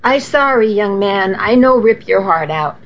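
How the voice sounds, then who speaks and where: A woman's voice: medium pitch, lively intonation, a little slow, slight background noise. A woman voicing a feisty elderly grandmother who speaks fierce, clipped broken English, on a dull lo-fi recording. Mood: gruff.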